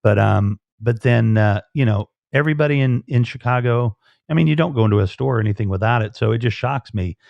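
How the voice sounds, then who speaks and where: A man's voice: mid-range voice, brisk, gravelly, no echo. A man hosting a live stream, chatting casually and rambling with lots of fillers and restarts. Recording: dull lo-fi stream audio.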